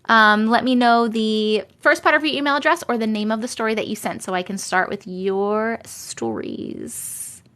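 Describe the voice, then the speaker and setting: Chatty New York woman, fairly high voice. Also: moderate pace, a bit bright. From Long Island, New York. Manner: rambling, chatty, scattered; laughs often. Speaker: live-stream host. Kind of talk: casual live-stream chat.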